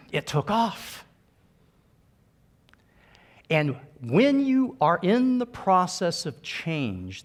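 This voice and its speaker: A middle-aged man speaking earnestly and emphatically as a conference speaker, giving a motivational keynote to a live audience. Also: medium pitch.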